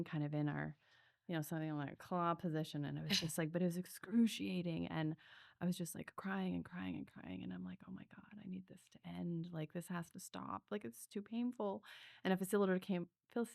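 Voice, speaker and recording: A woman's voice: sits low, creaky, darkish tone, dry recording, studio quality. A woman breathwork coach telling her story in a podcast interview, earnest and reflective, with many fillers.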